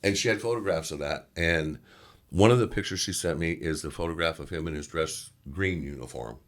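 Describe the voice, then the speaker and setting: A middle-aged man from Louisiana with a very low voice, a guest actor telling a story in an interview. He talks in an animated, loose way, full of casual fillers. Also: fairly quick.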